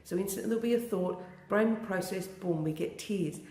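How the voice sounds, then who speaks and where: An EFT tapping practitioner leading a guided tapping session, speaking in slow, repetitive, soothing phrases. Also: mid-range voice, darkish tone. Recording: roomy echo.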